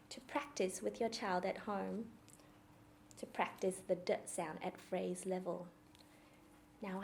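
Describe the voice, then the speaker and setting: A woman speech therapist calmly explaining to parents how to practise a speech sound and reading a picture book aloud. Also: mid-range voice, slight background noise. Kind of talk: instructional talk for parents.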